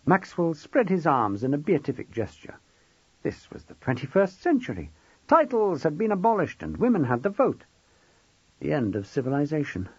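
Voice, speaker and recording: A man narrates an audiobook with wry, expressive delivery. His pitch rises and falls widely, and his voice has a husky edge. The recording is dry and somewhat dull. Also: normal speed, no echo. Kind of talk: scripted narration.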